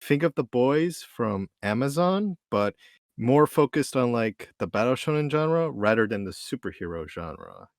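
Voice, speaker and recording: A man's voice: medium pitch, very animated, unhurried, creaky, dry recording, clean studio sound. A man appearing as a guest on a casual podcast, blunt and sweary. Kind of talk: casual group chat.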